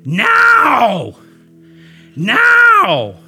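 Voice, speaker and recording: A man shouting as a gnarly old man. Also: extremely high pitch, huge pitch swings, very slow, faint music behind, pitched above the performer's own voice, heavily acted. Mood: furious. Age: older. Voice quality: gnarly, shaky. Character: screaming old man waving a stick.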